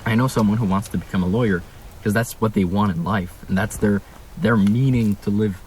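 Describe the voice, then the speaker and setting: A man's voice: lowish voice, fairly even intonation, a little fast, darkish tone, slight background noise. A young man from Canada, speaking in a casual vlog from a room at home, ranting with emphatic rhetorical questions. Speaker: vlogger.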